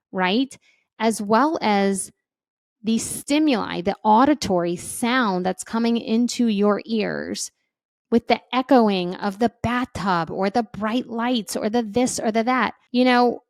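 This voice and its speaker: A woman giving parenting advice in a relaxed, conversational way, with a gravelly, fry-tinged voice. She keeps checking in with her listeners and acts out feelings as she explains them. The sound is dry and close, with no room echo. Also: a little high. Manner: conversational, often checks in with "right?". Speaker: parenting educator. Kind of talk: casual advice talk.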